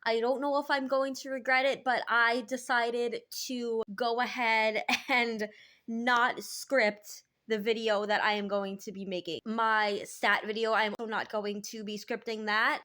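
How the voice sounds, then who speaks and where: A woman's voice: on the high side, pushed and bright. A young woman talking casually to her viewers in a vlog, chatty and self-deprecating. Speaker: vlogger.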